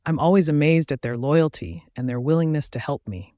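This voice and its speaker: A man narrates a werewolf romance story in the first person, in a steady, dramatic reading voice at middle pitch. The sound is close and dry, with no room around it. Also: a little fast, hardly any pauses, no echo. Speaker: audiobook narrator.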